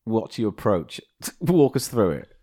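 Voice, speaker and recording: A man with a soft Scouse accent hosts a comedy podcast, blunt and sweary, often laughing. His voice moves with plenty of lift and dip in loose banter. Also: fairly low pitch, sing-song, measured pace. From near Liverpool. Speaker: podcast host.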